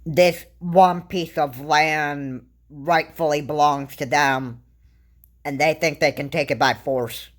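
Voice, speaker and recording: A woman talks through political views in a loose, casual commentary. Her voice sits low and she takes her time, and her thoughts wander and halt, with frequent restarts along the way. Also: fairly even intonation. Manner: rambling, halting, with frequent restarts and fillers. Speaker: vlogger.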